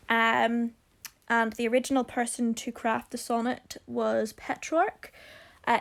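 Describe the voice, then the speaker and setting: A woman's voice: fairly high pitch, creaky. A woman teacher talking students through a poem in a recorded lesson, explaining and addressing them directly.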